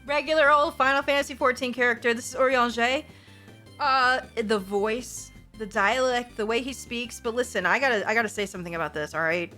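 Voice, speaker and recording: A woman livestreamer chatting casually to her viewers, animated, profane and playfully gushing. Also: on the high side, a little fast, faint music behind.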